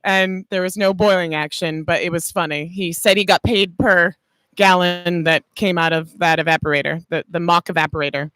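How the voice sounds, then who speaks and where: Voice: medium pitch, fairly even intonation, moderate pace, fairly bright tone, clear, resonant tone, no room sound. A co-host in casual chat who teases and keeps jumping in. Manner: teasing, chatty, jumps in.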